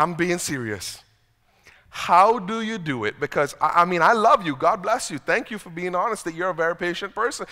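A man's voice: a little high, sharp tone. A man preaching a sermon as pastor, conversational and self-deprecating, often repeating words as he starts a sentence. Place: church sanctuary. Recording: long reverb of a church hall.

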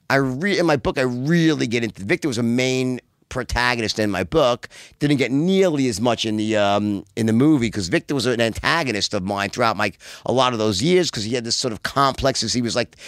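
A middle-aged man telling wild stories as a podcast guest, profane and animated, acting out quotes in a high voice. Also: no room sound, clean studio sound. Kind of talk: casual storytelling interview.

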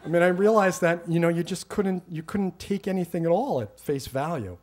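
A man's voice: high voice, brisk, a little mellow. A middle-aged man telling a personal story on stage, wry and self-mocking, getting heated as he retells old arguments.

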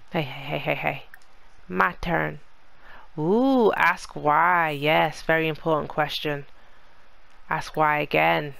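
A woman narrates her game in a relaxed, unhurried way, talking straight to the little characters on screen. Her voice has a gravelly fry to it but stays smooth and resonant. She sits at medium pitch. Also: no echo. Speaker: gaming channel host. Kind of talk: casual let's play commentary.

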